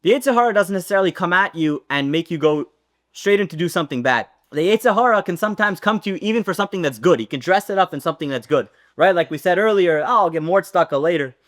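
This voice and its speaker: A man teaching a Torah class, telling a story with lively acted-out dialogue. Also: high voice, fast talker. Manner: animated storyteller, acts out dialogue.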